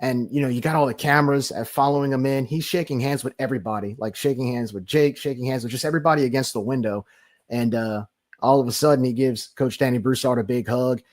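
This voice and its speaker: A man co-hosting a sports podcast, talking in a rambling, animated way with many restarts. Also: mid-range voice, fast talker. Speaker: podcast co-host. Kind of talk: casual sports talk.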